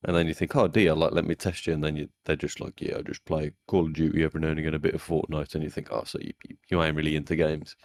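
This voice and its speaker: A man's voice: a bass voice, level tone, fast talker, hardly any pauses, a little mellow, dry recording. A young man co-hosting a podcast, telling blunt stories full of swearing and acted-out quotes. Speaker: podcast co-host. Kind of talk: casual chat.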